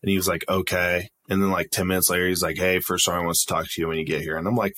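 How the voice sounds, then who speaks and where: A man telling a work story in a casual podcast chat, lively and profane, acting out the dialogue. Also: deep voice, quick pace, slight background noise.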